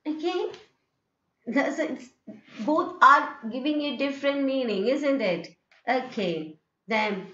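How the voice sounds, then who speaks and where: Woman, Indian English accent, phonetics lecturer, slow deliberate pace, dull roomy lo-fi recording. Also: fairly high pitch, very animated, a bit bright. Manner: repeats "okay" and "isn't it", demonstrates intonation. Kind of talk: recorded distance-learning lecture.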